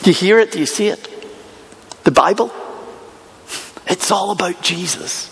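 A man's voice: sits high, normal speed, gravelly, a bit bright, big-room sound. A man preaching a sermon in a conversational way, asking the listeners many rhetorical questions.

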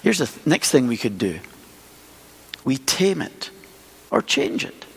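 A man's voice: mid-range voice, very animated, measured pace, creaky, husky. A man preaching a sermon in a conversational way, asking the listeners many rhetorical questions. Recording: long hall reverb.

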